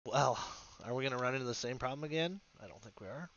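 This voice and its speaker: On a casual maker livestream, a man with a mid-range, fairly bright voice talks fast, rambling to his audience and himself as he prepares a 3D print. The highs in the recording are cut off.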